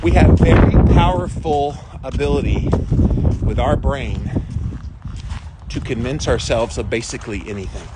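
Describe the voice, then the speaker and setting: A man's voice: mid-range voice, measured pace. Chatty man live-streaming outdoors in wind. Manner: chatty, greets viewers by name. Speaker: host. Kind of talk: casual live-stream chat. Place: outdoors on a windy day. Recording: wind noise on the mic.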